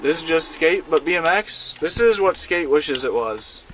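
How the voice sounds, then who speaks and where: Casual young male streamer, slightly high voice, slangy and laid-back, faint hiss behind. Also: expressive, normal speed, a bit bright. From United States. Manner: laid-back, slangy, chatting with his viewers while playing. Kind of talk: casual live-stream gaming chat. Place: inside a van.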